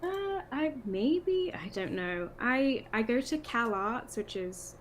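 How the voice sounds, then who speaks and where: A woman's voice: on the high side, lively intonation, slow pace, a little hiss or hum, poor audio. A young woman, an art student guest, chatting in a friendly and slightly shy way on a call. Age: young adult. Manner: friendly, a bit shy, laughs often. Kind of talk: casual video call chat.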